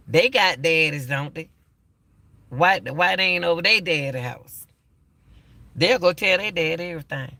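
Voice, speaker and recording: Older male host, gravelly and bright-toned, emphatic casual commentary. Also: on the high side, expressive, unhurried, long pauses. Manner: emphatic, repeats himself. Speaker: YouTube commentator.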